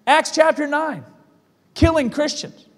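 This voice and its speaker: A man's voice: very high voice, a little slow, long reverb tail. A male pastor delivering a sermon in a church, emphatic and repeating his phrases for weight.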